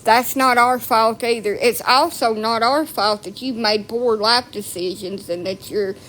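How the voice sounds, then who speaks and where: A woman's voice: fairly high pitch, measured pace, a bit bright. A woman delivering a blunt, profane, mocking rant to camera. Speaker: vlogger. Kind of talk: ranting monologue.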